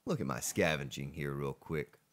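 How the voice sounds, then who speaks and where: A man with a rumbling low voice streams a survival game at a moderate pace. He chats casually with viewers, greeting them by name as he gives gameplay commentary.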